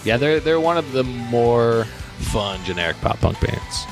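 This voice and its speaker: A man co-hosting a casual music podcast, telling stories in an animated, opinionated way. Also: medium pitch, unhurried. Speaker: podcast co-host. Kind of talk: casual chat.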